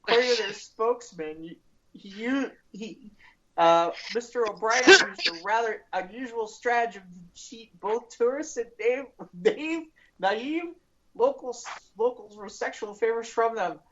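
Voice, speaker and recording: A woman's voice: a little high, animated, measured pace, dull audio. A woman hosting a comedy news podcast, reading a story and breaking into giggles.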